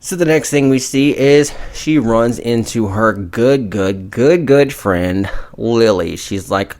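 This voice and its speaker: A man co-hosting a podcast who retells a movie's plot in a casual, profane and animated way. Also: medium pitch, slow pace, hardly any pauses. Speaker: podcast co-host.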